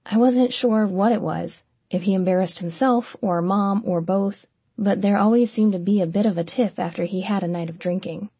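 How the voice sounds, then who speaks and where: Woman reading an audiobook, mellow breathy voice, dry close mic. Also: medium pitch, normal speed, dry recording. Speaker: audiobook narrator. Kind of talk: scripted first-person narration.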